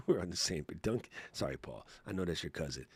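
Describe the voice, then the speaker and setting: A man hosting a casual live Q&A, talking in a slangy, excitable way and laughing often. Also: low voice, brisk, slightly rough, dry recording. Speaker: livestream host.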